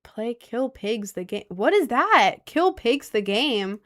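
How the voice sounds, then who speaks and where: A young adult woman livestreaming, chatting casually and reacting to her chat with lots of slang and quick asides. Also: fairly high pitch, big pitch swings, fairly bright tone.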